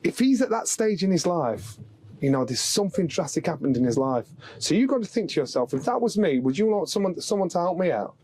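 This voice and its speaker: A middle-aged man from England chats as a podcast guest, telling stories with lively energy and acting out the voices he quotes. His voice sits a touch higher than most men's. The sound is dry and close. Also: a little fast, slightly rough, no room sound. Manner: animated storyteller, acts out quoted voices. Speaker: podcast guest, former boxing world champion. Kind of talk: casual storytelling chat.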